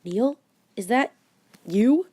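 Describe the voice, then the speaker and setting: A woman's voice: a little high, animated, slow pace, dark tone, breathy edge, pitched above the performer's own voice, full character voice. A woman voicing a cautious, earnest boy who talks hesitantly. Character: cautious boy, plans things.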